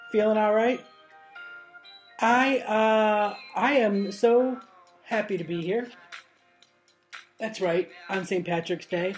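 A woman's voice: mid-range voice, extremely slow, pauses often, soft background music. A woman hosting an internet radio show, chatting in a loose, rambling way and joking about herself. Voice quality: rambling, joking, self-mocking. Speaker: podcast host. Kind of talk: casual chat.

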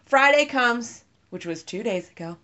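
A woman from the United States chatting casually, animated, laughing often and swearing freely. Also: a little high, unhurried. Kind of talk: casual political chat. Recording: dull lo-fi recording.

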